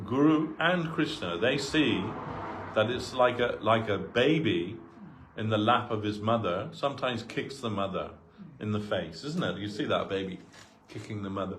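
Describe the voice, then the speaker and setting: Low-voiced man telling sermon stories. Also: slight background noise. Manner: conversational, full of asides, acts out quoted voices. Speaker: devotee giving a talk. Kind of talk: sermon told as personal anecdotes. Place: temple hall.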